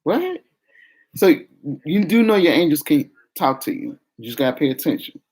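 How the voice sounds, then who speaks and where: A woman telling a personal story to her viewers in a casual chat, acting out the quoted voices by pitching up. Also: fairly quick, husky. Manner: animated, acts out quoted voices with raised pitch. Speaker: vlogger.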